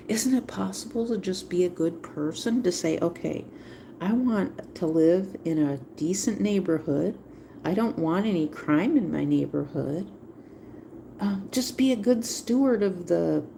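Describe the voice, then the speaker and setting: A woman's voice: lowish voice, vocal fry, mellow, slight background noise. A woman hosting a livestream, talking casually in a rambling way and repeating phrases for emphasis. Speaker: livestream host.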